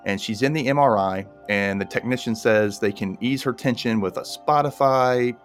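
A man's voice: mid-range voice, moderate pace, soft background music. A man casually recapping a TV episode with a co-host, often acting out the characters in a raised voice. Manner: animated, acts out characters in a raised voice. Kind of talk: casual chat.

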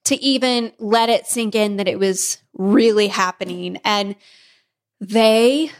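Pregnant woman telling a lively story. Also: mid-range voice, slow. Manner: animated, laughing often, acting out family members' lines. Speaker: podcast co-host. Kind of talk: casual storytelling chat.

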